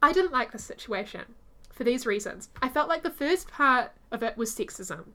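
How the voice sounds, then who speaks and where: Animated, bright-voiced woman chatting. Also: fairly high pitch, normal speed. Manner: animated storytelling, acts out quoted voices. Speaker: podcast co-host. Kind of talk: casual chat.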